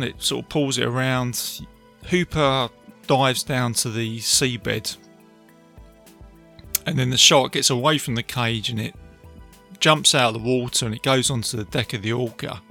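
A man's voice: mid-range voice, creaky, bright, forceful tone. A man hosting a casual film review podcast, retelling scenes in a chatty way with plenty of fillers. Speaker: podcast host.

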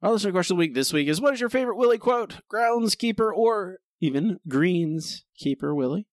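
A man's voice: high voice, animated, fairly quick, dry recording, clean studio sound. A man co-hosting a podcast, critiquing an episode in a casual, exasperated way. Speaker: podcast co-host.

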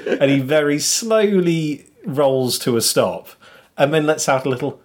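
A man's voice: medium pitch, a little slow. A man co-hosting a podcast, chatting casually and laughing easily as he tells stories. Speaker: podcast co-host. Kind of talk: casual chat.

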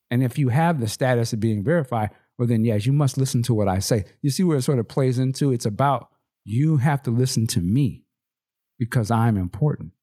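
A man talking casually as a podcast co-host, at an ordinary middle pitch. He sounds laid-back and slangy, laughs often and keeps throwing rhetorical questions at his partner. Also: warm tone. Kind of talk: casual chat.

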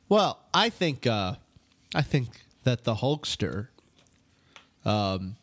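A man's voice: mid-range voice, sing-song, takes it slowly. A man co-hosting a radio show, chiming in with jokey remarks during casual on-air chat.

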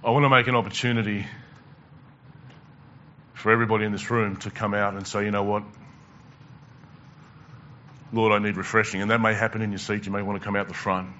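A man's voice: fairly low pitch, little pitch movement, very fast, hardly any pauses, bright, forceful tone, dull audio, a little hiss or hum. A male pastor preaching a conversational sermon, asking the congregation questions and repeating words as he goes.

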